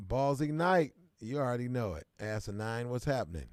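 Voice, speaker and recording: A man's voice: mid-range voice, expressive, normal speed, dry recording, clean studio sound. Chatty Midwestern man hosting a livestream. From Kansas City, American Midwest. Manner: loose and chatty, greets viewers by name with bursts of hype. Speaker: livestream host. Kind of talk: casual livestream chat.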